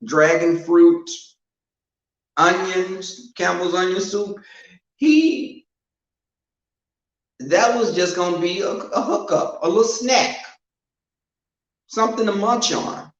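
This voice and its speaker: A man's voice: high-pitched, slow, long pauses. A man hosting a casual live-stream chat, frank and sassy as he talks straight to his viewers. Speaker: host of a live online show. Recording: echoey, dull-sounding room recording.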